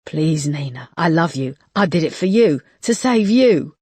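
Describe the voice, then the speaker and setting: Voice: mid-range voice, lively intonation, unhurried, darkish tone, husky, dry recording. An intense young man, urgent and insistent, his voice climbing as he pleads, put on by an audiobook narrator. The audiobook recording is close and dry, with no room sound. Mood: pleading. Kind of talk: audiobook character voice.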